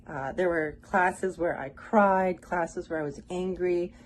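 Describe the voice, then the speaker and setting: A low-voiced woman from Miami speaks in a heartfelt, halting way, pausing on fillers. She sounds close to tears as she gives her testimonial. A faint noise sits under the recording. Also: steady tone. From Miami, Florida. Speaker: caller giving a testimonial. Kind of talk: emotional spoken testimonial.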